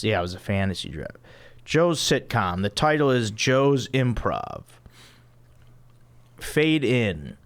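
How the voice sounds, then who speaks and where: A man hosting a podcast, reading the stage directions of a comic script in a deadpan way. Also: lowish voice, clean tone. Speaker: podcast host.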